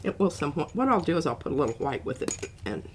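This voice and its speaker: A woman's voice: deep voice, very animated, fast talker, a little hiss or hum. A woman hosting a live art stream, chatting casually and joking as she works and reads the chat aloud. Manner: joking, self-deprecating banter. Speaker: art livestream host. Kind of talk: casual chat while crafting and reading chat. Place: home art studio.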